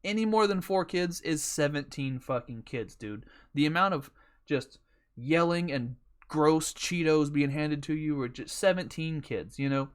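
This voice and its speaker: A man's voice: a little high, unhurried, clear, resonant tone. A man hosting a podcast, telling a rambling story with heavy cursing and jokes. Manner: profane, rambling, joking. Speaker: podcast host. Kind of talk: casual storytelling.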